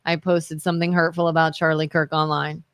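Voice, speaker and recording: A woman's voice: low-pitched, flat delivery, a little fast, no echo. A woman co-hosting a live talk radio show, telling stories animatedly, acting out quotes and asking pointed questions.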